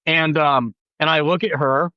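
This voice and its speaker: A man in his thirties, a podcast guest telling a story in casual chat, animated and acting out quoted voices with big pitch jumps. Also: a little slow, no echo, highs cut off.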